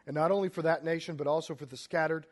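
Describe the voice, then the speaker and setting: Man, high voice, preacher, sermon, reads scripture, dynamic hushed-to-loud delivery. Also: fairly even intonation, fast. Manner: reads scripture aloud, explaining as he goes.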